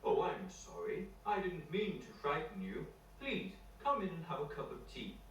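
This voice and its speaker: Gruff but friendly male bear voiced by a man, storybook reading, distant mic with faint hiss. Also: fairly high pitch, very animated, normal speed, voice pushed up. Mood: apologetic. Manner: growls, then apologetic and hospitable. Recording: echoey room from far off, faint noise.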